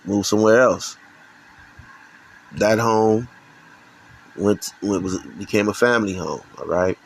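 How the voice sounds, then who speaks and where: Slow, gravelly man ranting heatedly. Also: on the low side, slight background noise, poor audio. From Chicago. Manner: heated, profane, repetitive restarts. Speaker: channel host. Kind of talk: ranting religious commentary.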